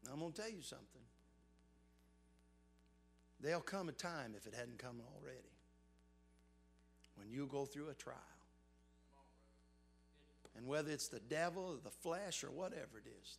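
A male preacher, his voice pitched high and ringing bright. He moves between fervent, climbing declarations and quiet, earnest stretches as he preaches. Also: lively intonation, moderate pace, gravelly, pauses often, soft background music. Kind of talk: sermon.

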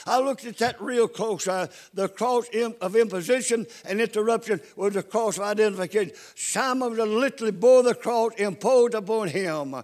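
An older man preaching a folksy sermon, dropping to hushed storytelling and rising to loud calls to his listeners. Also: high voice, normal speed, few pauses. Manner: repeats calls to the congregation.

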